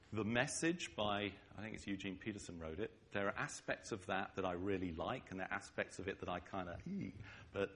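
A man's voice: medium pitch, a bit bright. A man with an English accent preaching a sermon, emphatic, often checking in with his listeners with "okay?".

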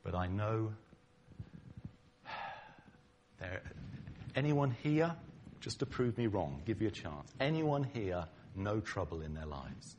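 A man's voice: lowish voice, big pitch swings, slow, long pauses, a little mellow, slight background noise. A middle-aged man, preaching a conversational sermon to his congregation, bantering with them and acting out quoted lines. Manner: acts out quoted lines dramatically. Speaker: pastor.

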